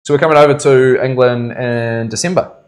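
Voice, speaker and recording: A man's voice: mid-range voice, a little fast. A man with a New Zealand accent, a tattoo artist chatting casually and bantering with laughter in his studio. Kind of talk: casual chat while tattooing.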